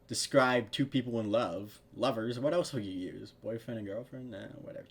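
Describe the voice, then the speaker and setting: A man's voice: medium pitch, moderate pace, gravelly, hardly any pauses, breathy edge. A man reading fan fiction aloud at home, breaking off to laugh, swear and mock the text. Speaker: fanfiction reader. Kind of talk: casual read-aloud with commentary.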